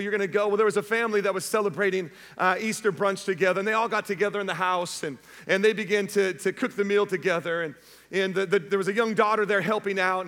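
Male pastor, sermon, high voice, lively and chatty, long church reverb. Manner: energetic, conversational, calls to the audience. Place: church auditorium.

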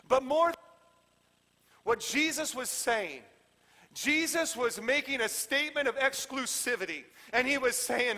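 High, bright-voiced preaching pastor. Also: male voice, measured pace, slight background noise. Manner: conversational preaching, swings from shouting to hushed. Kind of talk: sermon. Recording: long hall reverb.

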